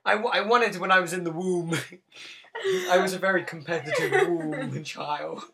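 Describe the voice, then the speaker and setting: A man's voice: high-pitched, wildly swooping pitch, moderate pace, gravelly, a loud crowd. A man hosting a casual chat, teasing his guest and laughing often. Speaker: podcast host.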